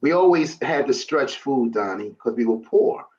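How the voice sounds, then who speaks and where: A man's voice: mid-range voice, expressive, normal speed, darkish tone. A man from Brooklyn, a guest on a talk show, reminiscing casually about family meals. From Brooklyn, New York. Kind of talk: casual chat. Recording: dull lo-fi sound.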